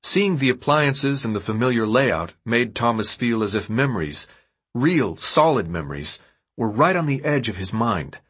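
A man narrating an audiobook in an expressive storytelling manner. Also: medium pitch, normal speed, breathy edge. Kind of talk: scripted narration.

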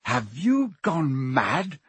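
A man's voice: on the high side, lively intonation, unhurried, husky, no room sound, pitched above the performer's own voice, full character voice. A man voicing a sarcastic, grumbling schoolboy wizard in a storybook reading.

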